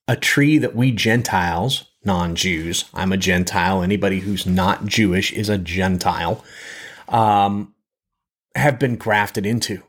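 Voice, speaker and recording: A man giving a Bible teaching in a conversational way, often restarting his phrases and checking in with "okay?". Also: on the low side. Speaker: preacher. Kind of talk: podcast teaching.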